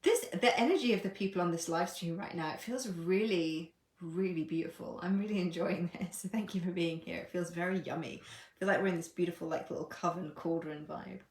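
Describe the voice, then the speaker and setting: A woman with a somewhat low voice hosts a casual live stream as a coach, playful and irreverent, laughing at herself and swearing freely. Her voice carries a noticeable echo from the room around her. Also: a little fast. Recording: echoey room.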